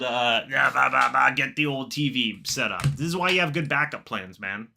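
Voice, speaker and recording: A man hosting a live reaction stream, calling the plays himself and chatting with viewers. He gets excited during plays and mutters quietly in the asides. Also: medium pitch, normal speed, gravelly. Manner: excitable, bursts up when plays happen, then mutters asides. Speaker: live stream host doing play-by-play. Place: home, watching the game on screen.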